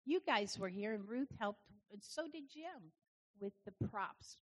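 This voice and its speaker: Husky woman giving a chatty sermon. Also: medium pitch, expressive, a little slow. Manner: conversational, chatty with the audience, many restarts. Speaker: church speaker. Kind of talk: informal sermon to a congregation.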